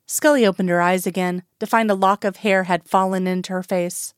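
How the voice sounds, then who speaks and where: A woman reading a story aloud in calm, even narration. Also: mid-range voice, a little fast, hardly any pauses, smooth, no echo, clean studio sound. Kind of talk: audiobook narration.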